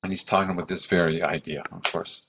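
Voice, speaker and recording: A man in his seventies giving a reflective talk on the self, thoughtful and halting, often restarting his sentences. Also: low voice, steady tone, fairly bright tone, a little hiss or hum. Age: 70s.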